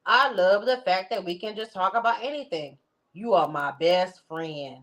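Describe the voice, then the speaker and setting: A woman voicing a lovesick woman gushing over her man, in an overdramatic, swooning, drawn-out way. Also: medium pitch, a bit bright, close to an everyday voice.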